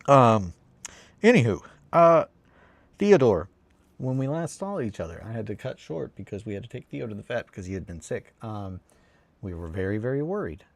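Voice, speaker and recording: A young Englishman with a southern English accent talks loosely and profanely to his stream chat, wandering from story to story. His voice sits a little low, and the sound is dry and close with no room around it. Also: normal speed, creaky, dry recording. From England. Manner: rambling, profane, animated storyteller. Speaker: streamer hosting a hobby stream. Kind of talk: casual live-stream chat.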